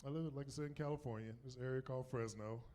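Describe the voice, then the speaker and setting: A North Carolina man in his fifties with a Southern accent performs a loose, conversational stand-up set on a club stage, his medium-pitched voice fast and dark. He often asks "right?" and laughs at his own jokes as the audience laughs.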